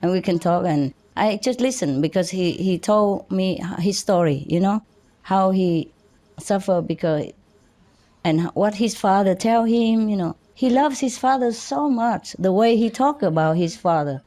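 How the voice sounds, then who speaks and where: With a mid-range voice, a spiritual teacher from Vietnam recounts personal experiences to an audience, stumbling and starting over many times and letting out soft chuckles along the way.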